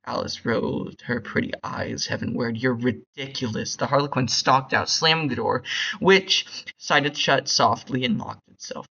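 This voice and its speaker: Bored young guy reading a story out loud, bright sharp voice, dull lo-fi mic. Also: mid-range voice, gravelly, breathy edge. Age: young adult. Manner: bored, flat, hurried reading with slips. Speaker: reader. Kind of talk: unedited reading of a short story.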